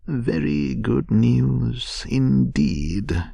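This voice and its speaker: A man voicing a skeptical, sharp-tongued male water rat who speaks scornfully, in a whispered bedtime story. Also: mid-range voice, animated, extremely slow, creaky, dry recording, voice pushed up, exaggerated voice. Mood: doubtful. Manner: scornful, doubtful.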